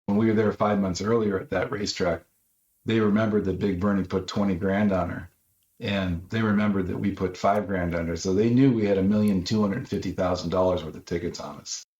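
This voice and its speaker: A man from Los Angeles, a guest author telling a story in an interview, acting out the shouted quotes of the people in it. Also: low voice, fairly even intonation, fairly quick, reverberant, lo-fi sound.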